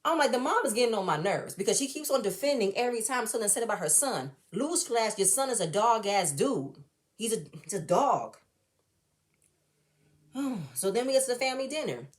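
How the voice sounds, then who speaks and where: A woman's voice: fairly high pitch, lively intonation, a little fast. Blunt, fired-up woman recapping a show. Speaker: reality show reviewer. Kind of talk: casual opinionated recap.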